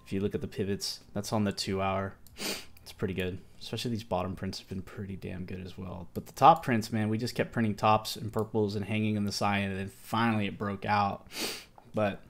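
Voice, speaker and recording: A man's voice: fairly low pitch, flat delivery, fairly quick, creaky. A tired man hosting a casual livestream market review, talking loosely with slang and restarting his sentences. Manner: rambling, loose, self-correcting, slangy. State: tired and yawning. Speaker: crypto market stream host.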